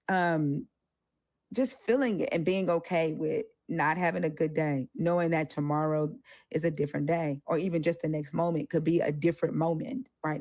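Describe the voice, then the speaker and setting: A woman's voice: sits low, no echo, clean studio sound. A woman co-hosting a casual discussion, talking bluntly and animatedly, swearing freely. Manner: animated, swears freely, acts out quoted voices. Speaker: co-host.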